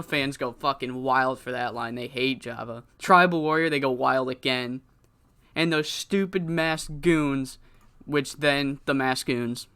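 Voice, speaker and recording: A man telling the story of a wrestling game playthrough in an animated, profane style, laughing often. His voice is bright and clear. He is crisp and easy to follow. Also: medium pitch, a little slow. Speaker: gamer narrating a wrestling sim. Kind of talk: casual, profane let's-play commentary.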